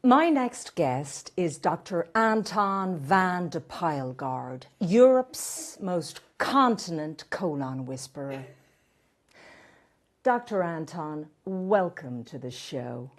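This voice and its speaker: A woman's voice: on the low side, expressive, takes it slowly. A woman playing a beleaguered female talk-show host who is prim, awkward and flustered. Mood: presenting. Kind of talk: stage comedy sketch.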